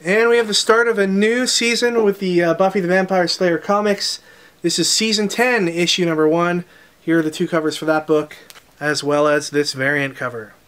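A man hosting a comic shop unboxing, listing new releases title by title in a casual rundown with quick asides. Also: sits high, steady tone, fairly bright tone, clean tone.

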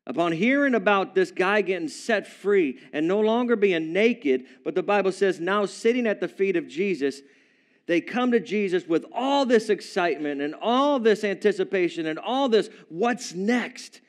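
Male preacher with a slightly high voice, playful storyteller, jokes with the congregation. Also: moderate pace. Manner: playful, animated, chuckling asides to the congregation. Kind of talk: humorous storytelling sermon. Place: church service with a live congregation.

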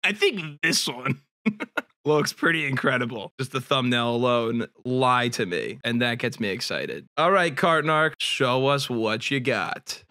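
Streamer, male, bright tone, dry close sound; jokey reaction commentary, swears. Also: mid-range voice, animated, unhurried, no room sound. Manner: joking, swears freely, laughs often.

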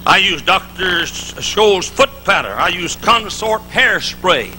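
A man's voice: high-pitched, expressive, slow, pushed and bright, faint music behind, poor audio. A middle-aged man preaching a live conference sermon, telling folksy stories with jokes and frequent restarts. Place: large conference hall.

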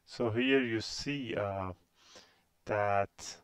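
A man's voice: on the low side, extremely slow, clean tone, no echo. A man in his thirties from Iran with a Persian accent, a university instructor giving a recorded course introduction, hesitant and full of fillers.

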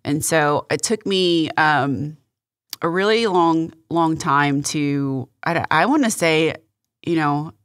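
A middle-aged woman, a guest on a faith interview show, telling a personal story in a halting, earnest way with many restarts. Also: low voice, no echo, clean studio sound.

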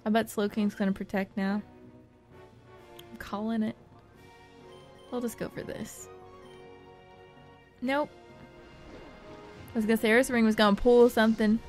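A young woman with a fairly high voice, talking through a game in casual, excitable commentary and laughing often. Faint game music plays behind her. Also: normal speed, long pauses. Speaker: let's play host.

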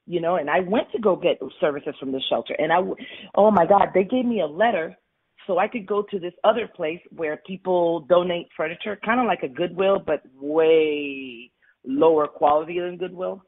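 A woman with a fairly low pitch and a breathy edge talks at a moderate pace as a guest money coach on a radio show, heard over the phone. She shares her personal story openly and forcefully, restarting often.

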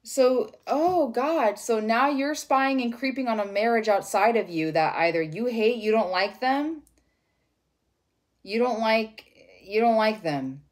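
A woman giving a casual tarot reading, rambling and expressive and swearing freely. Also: fairly high pitch, measured pace. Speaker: tarot reader.

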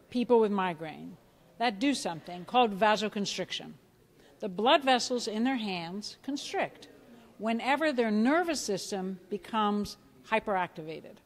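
Speaking with a fairly high pitch, a middle-aged female biofeedback clinician leads an energetic, hands-on workshop in a conference room full of people. She animatedly poses questions to the audience and dramatizes reactions.

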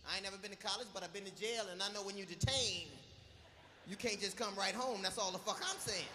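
A man's voice: high-pitched, quick pace, long reverb tail, background noise, close to an everyday voice. A man impersonating a folksy, blunt male president. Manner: casual, matter-of-fact, quieter.

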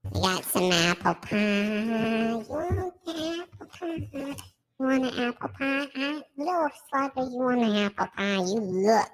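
A man's voice: high voice, a bit bright, voice pushed up, full character voice. A man talking through a voice filter as a brash, slangy streetwise eater, hyping up his food during a mukbang stream. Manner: swaggering, slangy hype talk while eating.

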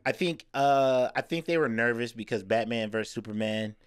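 A man in casual podcast chat, telling a long story with plenty of "uh" and "like" along the way. His pitch sits in an ordinary middle range. The sound is dry and close. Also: moderate pace, clean tone, dry recording. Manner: rambling, explains at length with fillers. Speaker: podcast co-host.

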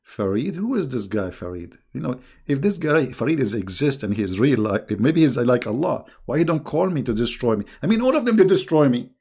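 A man's voice: mid-range voice, sing-song, fairly quick, hardly any pauses, darkish tone, slightly rough. A middle-aged man hosting a casual online livestream, talking in a sarcastic, mocking way and chuckling often. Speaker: online religious debate host.

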